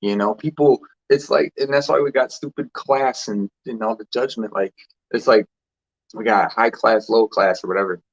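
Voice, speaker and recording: A man's voice: fairly low pitch, steady tone, normal speed. Rambling man, muffled lo-fi sound. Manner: loose and rambling, with frequent restarts and laughs. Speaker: spiritual vlogger host. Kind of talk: rambling casual monologue.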